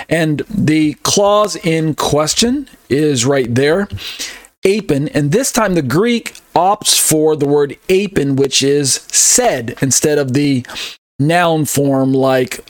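A man's voice: on the high side, slow pace, no room sound. A man teaching an online Bible study, carefully sounding out and spelling Greek and Hebrew words, often correcting himself as he goes. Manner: thinks aloud, with frequent self-corrections and fillers. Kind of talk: online Bible study lecture over on-screen slides.

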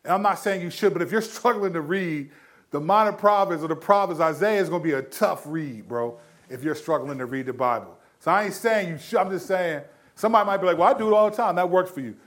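A man's voice: fairly high pitch, animated, brisk, fairly bright tone. A man hosting a faith talk show, casually giving Bible advice with easygoing slang and frequent chuckles. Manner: laid-back and slangy, chuckles often, many restarts. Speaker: Christian podcast host answering questions.

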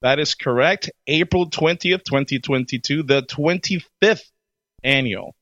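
Casual podcast co-host, male, lively storyteller, muffled lo-fi sound. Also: a little high, measured pace, no echo. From Florida. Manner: animated storyteller, laughs often. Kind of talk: casual chat.

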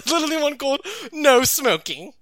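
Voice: high voice, big pitch swings, a little fast, fairly bright tone. A podcast co-host in casual chat, giggly and profane.

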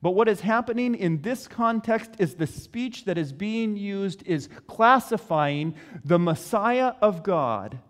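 A man preaching a sermon, earnest and questioning, with measured pauses. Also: high-pitched, animated, a bit bright, long reverb tail. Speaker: pastor.

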